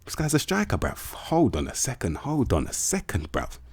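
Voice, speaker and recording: A man's voice: mid-range voice, moderate pace, vocal fry, breathy edge, dry recording. A young man giving casual, slang-heavy game commentary and swearing freely as he hypes up players. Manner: slangy, swears a lot, animated hype. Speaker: gaming video host.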